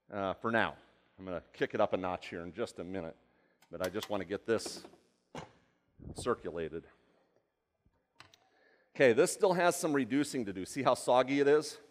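A man giving a live cooking demonstration, chatty and rambling, often asking the audience questions. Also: mid-range voice. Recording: long hall reverb.

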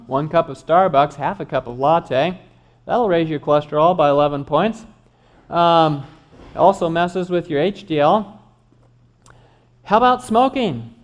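A middle-aged man, a doctor, giving an animated health lecture with joking asides to his audience. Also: on the high side.

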